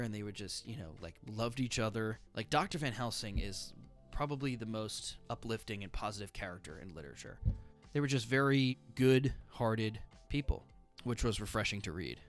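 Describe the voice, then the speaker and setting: A man with a fairly low voice chats about his favorite books. He is enthusiastic and full of fillers. Soft music plays faintly behind him. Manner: chatty, many fillers, enthusiastic. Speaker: book reviewer. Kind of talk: casual book review.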